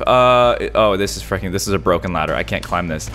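A young man giving casual gameplay commentary straight to his viewers, full of slang. His pitch swings widely, and he gasps and yells whenever something startles him. Faint music plays underneath. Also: fast talker, hardly any pauses. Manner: jumpy, excitable, gasps and yells when startled. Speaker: gaming YouTuber.

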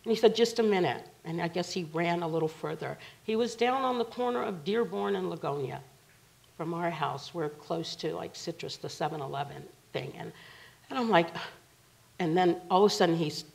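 Gravelly low-voiced woman telling her story. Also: animated, moderate pace, a little mellow, poor audio. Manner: casual, vivid retelling. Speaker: guest, bereaved mother. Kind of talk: personal storytelling in a TV interview.

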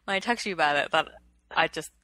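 A woman's voice: sits low, quick pace, pushed and bright, dry recording. A woman co-hosting a podcast in casual chat, retelling stories at length in a chatty way. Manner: chatty storyteller, retells what she read at length. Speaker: podcast co-host.

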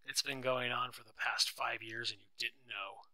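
A man reading a calm, earnest young lover. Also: medium pitch, normal speed, no room sound, poor audio.

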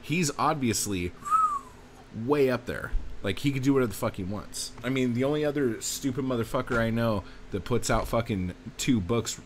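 A man's voice: mid-range voice, animated, normal speed, a little hiss or hum. A man hosting a podcast, ranting casually with lots of swearing and self-mocking asides. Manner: profane, emphatic, self-mocking. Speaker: podcast host.

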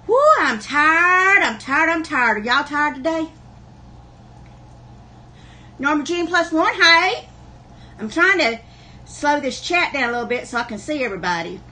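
A woman's voice: high-pitched, lively intonation, fairly quick, bright, forceful tone. A woman hosting a live online sale, chatting in a folksy way and greeting viewers by name. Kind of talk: livestream chat. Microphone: camera on a wobbly tripod.

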